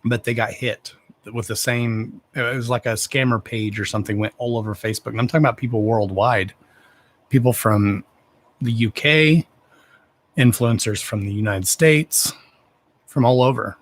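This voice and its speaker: A livestream host speaks at normal speed in a medium-pitched voice with fairly even intonation. Talking casually to his viewers, he's blunt and heavily profane, yet affectionate as he gushes over them.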